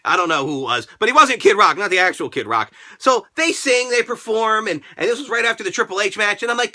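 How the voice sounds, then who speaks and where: A man hosting a casual, profane wrestling review, ranting excitably and often shouting. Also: high voice, fast, few pauses. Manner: excitable, crude, shouting rants. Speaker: host.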